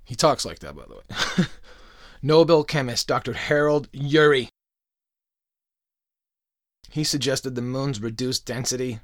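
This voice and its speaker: A man's voice: mid-range voice, dry recording, studio quality. A young man hosting a podcast, delivering a crude, swear-filled conspiracy monologue with mocking jokey asides. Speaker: podcast host.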